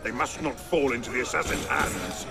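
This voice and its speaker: A man's voice: medium pitch, normal speed, creaky, lightly acted. An actor playing a commanding older male leader of an order in a game, giving grave orders. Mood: urgent. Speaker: game character. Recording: game audio with loud music.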